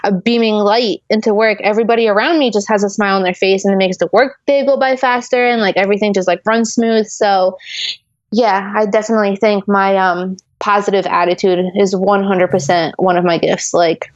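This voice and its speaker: A woman's voice: mid-range voice, fairly even intonation, brisk, no echo, lo-fi sound. A young woman from Poland, a guest on an interview, chatting in an upbeat, bubbly way with many fillers. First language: Polish. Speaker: guest, intuitive artist. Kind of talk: casual interview chat.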